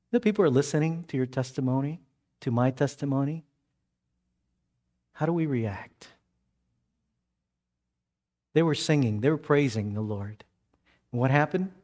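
A male pastor, preaching a sermon in an animated way, his voice climbing high in the stories and dropping soft for emphasis, then leading a prayer.

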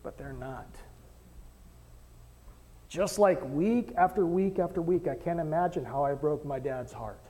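High-voiced male pastor in an echoing hall. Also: measured pace, long pauses. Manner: animated storytelling, acting out quoted voices, joking with the crowd. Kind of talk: sermon. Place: church stage in a hall.

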